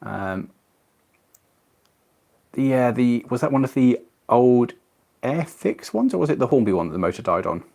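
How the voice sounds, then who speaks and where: A man's voice: medium pitch, very animated, normal speed, creaky, long pauses, a little mellow. A man from England hosting a casual live stream, chatting and reading out viewer comments while building a model railway. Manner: chatty, reads viewer comments aloud, self-deprecating.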